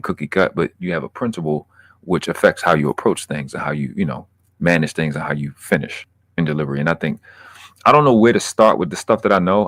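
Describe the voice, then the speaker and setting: Low-voiced man rambling casually on stream. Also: no room sound. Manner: loose, profane, rambling with restarts. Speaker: livestream host reading chat. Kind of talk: casual livestream chat.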